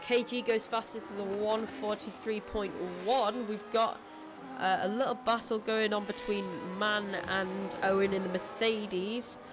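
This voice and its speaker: An esports racing commentator calling a live race in a chatty, self-deprecating way, quick to apologise, and losing their voice. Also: medium pitch, little pitch movement, over music.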